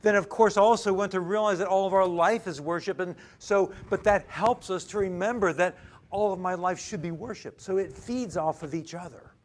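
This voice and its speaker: A male pastor preaches a sermon in church, swinging between loud emphasis and near-whispered asides. He frequently stammers and restarts, speaking at normal speed in a high voice.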